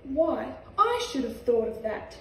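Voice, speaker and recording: A woman's voice: high voice, big pitch swings, a little slow, a little hiss or hum. A woman with an Australian accent voicing a sly, boastful male dingo cooking a stew in a storybook reading. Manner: cheerful and scheming. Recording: echoey room, far from mic.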